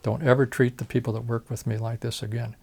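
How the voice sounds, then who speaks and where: An older man telling long stories from his career, with the voices of the people he quotes acted out. His pitch sits in an ordinary middle range, and his telling is relaxed and conversational. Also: quick pace, creaky, breathy edge. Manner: storytelling, reenacts dialogue, chuckles. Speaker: retired facial plastic surgeon. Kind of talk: oral history interview.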